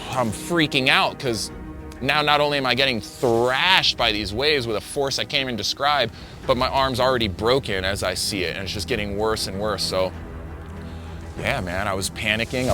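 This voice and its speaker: A young man, a big wave surfer, recounting a near-death wipeout in vivid, breathless storytelling full of fillers. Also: mid-range voice.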